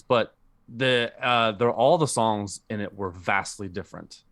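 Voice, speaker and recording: On a podcast, this co-host rambles through a casual chat, full of fillers and restarts, in a somewhat low, smooth, fairly bright voice. He speaks at a normal speed, and the sound is dry and close.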